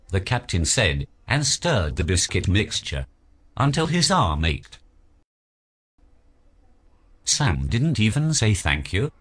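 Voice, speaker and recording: Reading a children's picture book aloud, a man narrates in an expressive storybook style, his voice low and husky.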